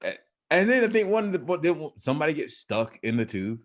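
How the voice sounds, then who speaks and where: A man's voice: on the high side, sing-song, fairly quick. A man with a Southern US accent co-hosting a podcast in casual chat, rambling with frequent restarts and easy laughter. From American South. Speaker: podcast co-host.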